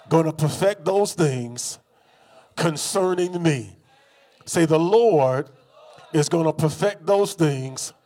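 A man with a high-pitched voice preaching a sermon. He has the congregation repeat his phrases in call-and-response. His delivery is rhythmic and repetitive, and it builds into emphatic bursts. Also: darkish tone, breathy edge.

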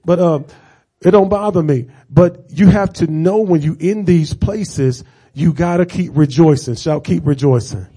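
A middle-aged male preacher delivering a sermon, moving from casual asides to fervent, repeated call-and-response shouting. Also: fairly high pitch, a little slow, slightly rough. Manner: repeats phrases for emphasis, casual conversational asides.

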